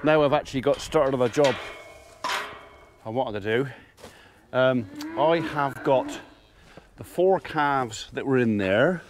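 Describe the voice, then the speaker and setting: A man's voice: mid-range voice, slow. A man filming himself as a farmer, chatting casually while working and calling to his cattle. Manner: chatty, talks gently to the cattle and calls them loudly. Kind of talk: casual vlog narration. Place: outdoors on a cattle farm. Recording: outdoor noise with mooing cattle. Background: cattle mooing.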